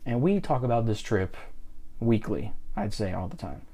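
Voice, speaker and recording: Man, mellow voice, casual travel chat, animated storytelling. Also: fairly low pitch, normal speed, husky. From United States. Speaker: podcast co-host.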